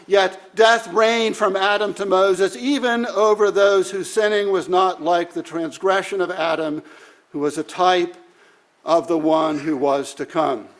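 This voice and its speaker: A man delivering a sermon at an unhurried pace. His voice sits high for a man, and he talks in a measured way, dropping in frequent "uh" fillers as he works through his points. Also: steady tone. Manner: measured, deliberate, with many "uh" fillers. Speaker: preacher.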